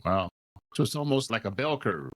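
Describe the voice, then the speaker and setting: Deep-voiced male podcast host, dry sound. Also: big pitch swings, moderate pace, fairly bright tone, no room sound. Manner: brief acknowledgements, plain direct questions. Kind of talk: casual interview chat.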